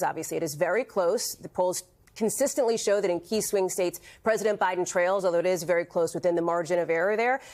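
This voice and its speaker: Emphatic female political analyst. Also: medium pitch. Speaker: news correspondent. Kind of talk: live studio analysis.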